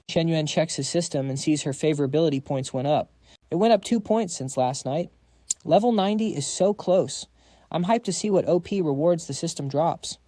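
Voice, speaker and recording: A man narrating a comic recap in a slangy, brisk storytelling manner. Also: a little high, dark tone, no echo.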